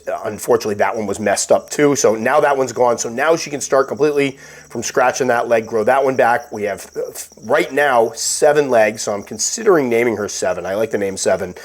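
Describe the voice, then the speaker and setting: Man, low voice, stuffy, calm, explanatory, casual video update. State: stuffy, recovering from illness. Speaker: tarantula keeper and channel host.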